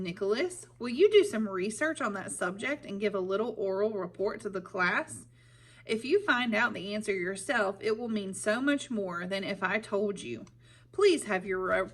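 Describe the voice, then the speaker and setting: A woman's voice: medium pitch, animated, moderate pace, a bit bright. A woman voicing a strict schoolteacher who talks too sweetly, with a hidden edge. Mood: falsely sweet.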